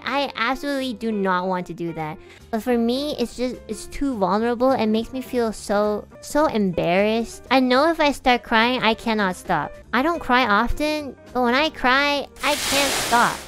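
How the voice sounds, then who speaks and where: A woman's voice: fairly high pitch, fairly bright tone. A woman livestreamer in casual chat, rambling with lots of "like" and swearing freely, emotional and sometimes cracking.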